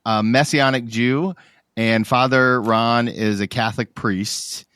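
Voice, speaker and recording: A man hosting a podcast, asking his guest questions in a measured, easygoing way. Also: mid-range voice, steady tone, a bit bright, clear, resonant tone, no room sound, studio quality. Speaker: podcast host. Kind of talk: interview questions.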